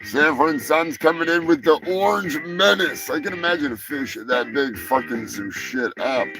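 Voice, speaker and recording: A man's voice: fairly high pitch, animated, normal speed, low-quality recording. A man hosting a live comedy news show, who rambles, jokes and swears. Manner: rambling, profane, joking. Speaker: host. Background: music.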